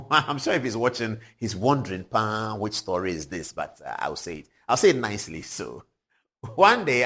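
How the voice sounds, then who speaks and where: A man in his forties with a Ghanaian English accent, hosting a TV show, telling stories with animated energy and frequent chuckles. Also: lowish voice. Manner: animated, chuckling, swings from loud to hushed. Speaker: TV show host. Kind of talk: lively commentary and storytelling. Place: TV studio.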